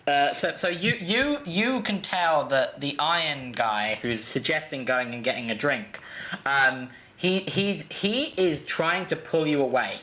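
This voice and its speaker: Bright-voiced man running a tabletop game. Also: fairly high pitch, expressive, unhurried. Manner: rambling, with frequent restarts. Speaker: game master.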